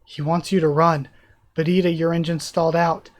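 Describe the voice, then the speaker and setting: Guy reading manga out loud for a reaction vid, slightly high voice, trips over words and fixes them. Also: flat delivery, moderate pace. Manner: emotional, stumbles and corrects himself while reading. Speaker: YouTuber. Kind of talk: live reaction, reading a comic aloud.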